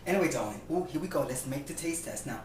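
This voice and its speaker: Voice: medium pitch, expressive, fast talker, a little mellow. Flamboyant campy cooking show host. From Puerto Rico. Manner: flamboyant and campy, calls viewers darling and honey. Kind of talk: casual cooking demonstration. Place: home kitchen. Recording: echoey room from far off with faint noise.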